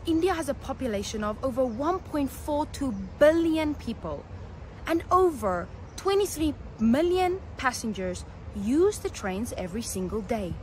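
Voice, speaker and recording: This is a woman hosting her own vlog. She talks in a chatty, joking way and catches herself mid-sentence, with a lively, slightly high voice that rises and falls a lot. Loud music plays behind her throughout. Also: normal speed. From South Africa. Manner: chatty, joking, self-correcting. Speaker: vlogger. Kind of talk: casual vlog chat and read-out narration. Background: loud background music.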